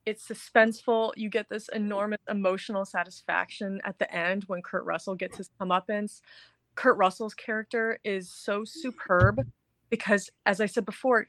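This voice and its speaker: A woman's voice: medium pitch, dry recording. A woman co-hosting a casual movie review chat, talking enthusiastically and rambling with lots of filler words. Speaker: podcast co-host.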